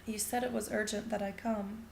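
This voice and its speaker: A woman's voice: medium pitch, level tone, normal speed, vocal fry, slight background noise, close to an everyday voice. Polite nervous grown man, woman reading him in a story, kinda echoey room. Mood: uneasy. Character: uneasy grown man, a stranger visiting.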